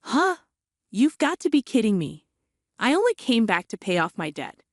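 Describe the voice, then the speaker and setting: A shouting, indignant younger sister, voiced by a woman, her pitch swinging widely as she demands money. The delivery is close and dry. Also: sing-song, moderate pace, no room sound. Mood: scornful.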